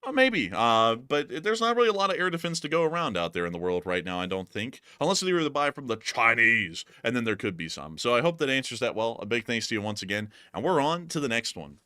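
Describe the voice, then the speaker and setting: A man's voice: mid-range voice, very animated, quick pace, few pauses, sharp tone, smooth, dry recording, clean studio sound. A man hosting a casual livestream news show, answering viewer questions in a rambling way full of fillers and restarts.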